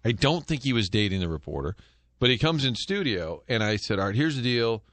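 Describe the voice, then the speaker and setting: A middle-aged man hosts sports talk radio, spinning animated stories and quick jokes at a relaxed, conversational clip. His voice sits at an ordinary pitch and comes across close and dry, with no room sound around it. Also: no room sound. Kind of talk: casual sports talk banter. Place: radio studio. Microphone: studio microphone.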